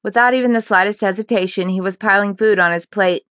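A woman narrating a fiction audiobook in a steady, even storytelling manner on a close microphone. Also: medium pitch, fast, clear, resonant tone, no echo.

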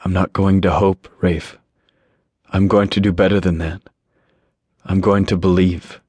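A man voicing a sentimental, gentle male angel with a soft, earnest way of talking, in an audiobook. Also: deep voice, flat delivery, measured pace, husky, no room sound. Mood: resolute.

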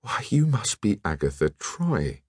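A man voicing a polite, diffident young gentleman who stammers and apologises humbly. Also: deep voice, sing-song, normal speed, no echo, studio quality, full character voice. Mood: eager.

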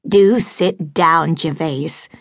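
A woman voicing a gentle spinster governess. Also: deep voice, very slow, gravelly, no echo, studio quality, full character voice. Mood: earnest. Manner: earnest, pleading. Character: gentle older spinster governess, a hidden lady.

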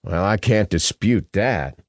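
A gruff former special-ops leader, low-voiced and slow, answering in short, curt lines, as a male audiobook narrator voices him. The recording is close and dry. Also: expressive, no room sound, heavily acted. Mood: terse. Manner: terse, curt and slangy.

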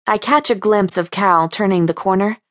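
A woman's voice: mid-range voice, normal speed. A woman narrating a first-person contemporary romance audiobook with an intimate, lightly playful storytelling manner.

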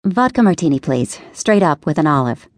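A woman voicing a frank, wry woman on a dinner date who talks in a brisk, teasing way. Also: sits low, sing-song, no echo, studio quality. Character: confident, wry Italian-American woman on a date.

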